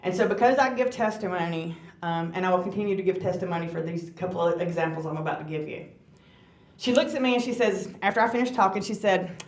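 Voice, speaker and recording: A woman's voice: lowish voice, fast. A woman, speaking as a guest speaker and giving an earnest, conversational personal testimony in a church hall, often asking the audience questions.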